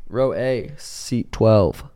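Young guy hosting a podcast, super lively pitch, cussing, doing little voices for stories. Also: very slow. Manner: animated, swears a lot, acts out quotes. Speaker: podcast host. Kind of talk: casual chat.

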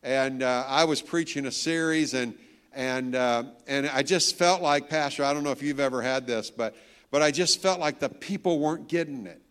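A man's voice: mid-range voice, normal speed, a bit bright, clean tone. A male pastor in his sixties giving a sermon, telling stories and joking with the congregation, hitting key lines hard. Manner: storytelling, joking with the crowd, emphatic. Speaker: guest pastor.

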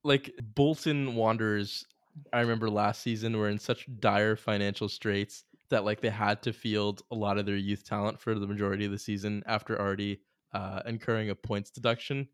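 A young man co-hosting a sports podcast in casual chat, rambling with many fillers and breaking into animated laughter. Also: lowish voice, normal speed, clean tone, no echo, clean studio sound. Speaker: podcast co-host.

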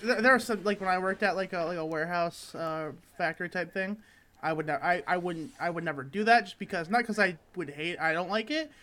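A man's voice: high voice, brisk, sharp tone. A young man co-hosting a casual chat, telling rambling stories full of fillers and swearing. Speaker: podcast co-host.

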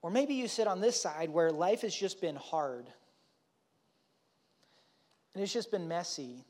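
A man preaching a sermon as pastor, in a conversational and animated way that keeps checking in with the congregation. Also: high-pitched, a little slow. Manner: conversational, animated, often asks "right?". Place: church.

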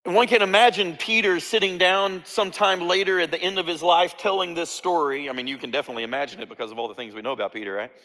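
A man's voice: sits high, fairly even intonation, quick pace, few pauses, sharp tone. A man preaching a sermon, acting out quoted lines with jokey asides. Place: church sanctuary. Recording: reverberant church hall.

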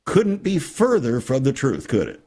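A man hosting a Christian radio talk show, preaching with emphasis and dramatic pauses. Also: mid-range voice, huge pitch swings, mellow. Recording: radio studio.

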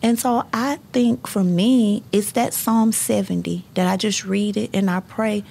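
A middle-aged woman, a high school counselor, telling personal stories in an earnest, faith-filled way and breaking into laughter. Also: steady tone, a little slow, creaky, mellow. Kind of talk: personal storytelling in conversation.

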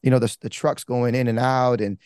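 A man's voice: mid-range voice, little pitch movement, brisk, darkish tone, clear, resonant tone, dry recording, studio quality. A man, a pastor, telling his life story candidly in a rambling, casual way with slang and restarts. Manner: rambling, with many restarts and fillers. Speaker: pastor giving his testimony. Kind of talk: candid personal testimony.

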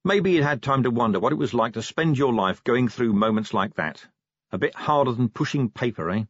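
A man narrating a comic fantasy novel in a wry, lively storytelling manner. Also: medium pitch, a little fast, no room sound, muffled recording. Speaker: audiobook narrator.

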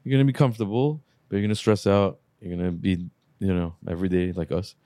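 A laid-back man talking casually on a podcast, his voice low and mellow. He rattles off lists and drops the odd swear word. The sound is close and dry. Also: fairly even intonation, fast, no room sound. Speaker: podcast co-host, car shop owner.

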